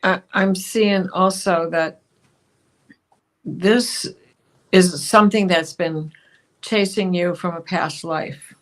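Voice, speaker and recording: A woman with a lowish voice gives intuitive readings in a live chat. She speaks slowly and deliberately, unhurried between thoughts. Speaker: intuitive guest reader. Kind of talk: spiritual advice in a live chat.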